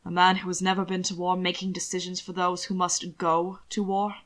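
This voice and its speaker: A woman voicing a calm, refined aristocratic lord who speaks low and measured, in an audiobook reading. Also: lightly acted. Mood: composed.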